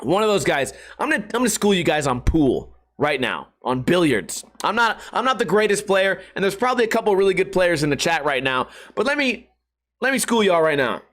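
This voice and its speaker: A man's voice: high voice, big pitch swings, a little fast, a bit bright. A man hosting a casual solo podcast, rambling and swearing, laughing at his own jokes and putting on voices for quotes. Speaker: podcast host.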